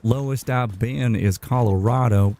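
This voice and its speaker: A man streaming a game live, chatting casually in a rambling, halting way. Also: medium pitch, dark tone. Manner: rambling, halting, with many restarts and fillers.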